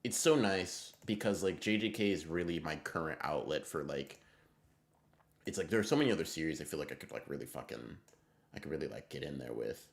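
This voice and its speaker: Low-voiced man chatting on a livestream. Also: vocal fry. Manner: excitable, rambling, swears often, quick bursts. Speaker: streamer. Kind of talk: casual livestream chat reading viewer messages.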